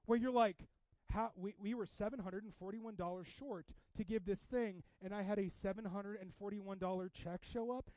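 Man, pastor, casual animated sermon, high voice, dry slightly muffled sound. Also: brisk, dry recording. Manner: casual, animated preaching with sudden loud bursts.

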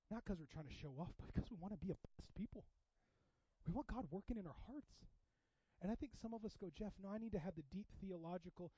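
A man preaching a sermon in a casual, animated way, with sudden loud bursts. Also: sits high, dry recording, muffled recording. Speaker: pastor.

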